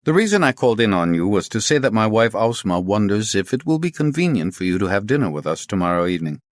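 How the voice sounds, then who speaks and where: A man voicing a polite, measured police colonel with formal, courteous speech. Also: fairly low pitch, very animated, no echo.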